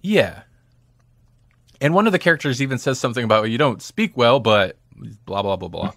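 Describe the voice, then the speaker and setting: A man's voice: mid-range voice, normal speed, no echo, clean studio sound. A man co-hosting a podcast, chatting casually and animatedly about films. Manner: chatty, animated, laughs often. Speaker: podcast co-host. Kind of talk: casual movie review chat.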